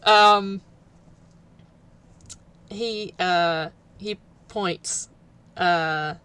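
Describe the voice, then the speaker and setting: A woman co-running a tabletop role-playing game, narrating in a halting way with many pauses. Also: on the low side, lively intonation. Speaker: co-game master.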